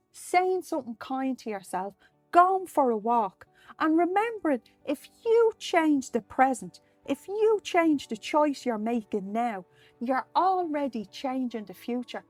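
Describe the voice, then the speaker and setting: A middle-aged woman hosts a self-help podcast and speaks straight to her listeners in an encouraging coaching manner. Her voice sits fairly high, and the sound is dry and close. Soft music plays faintly underneath. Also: dry recording. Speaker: podcast host. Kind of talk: motivational self-help talk.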